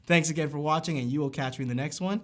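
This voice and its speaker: A man's voice: fairly high pitch, racing, a bit bright. A young adult man hosting a camera review vlog, giving his opinion in an emphatic, conversational rant aimed straight at his viewers.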